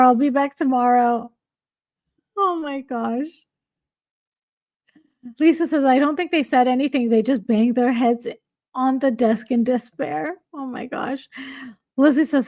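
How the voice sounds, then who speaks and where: High-voiced woman reading chat comments. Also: slow, long pauses, a little mellow, dry recording, studio quality. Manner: reads comments aloud with frequent laughter. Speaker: livestream host. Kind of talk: casual livestream chat, reading viewer comments.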